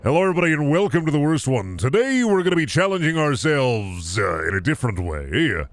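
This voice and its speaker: A man doing a booming YouTuber announcer. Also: very animated, a little fast. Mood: hyped. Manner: booming, theatrical intro cadence. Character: hyped male YouTuber intro announcer.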